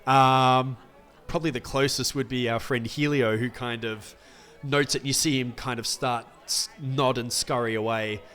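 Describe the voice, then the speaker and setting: A man's voice: mid-range voice, fairly even intonation, moderate pace, a bit bright, faint music behind. Man narrating as game master.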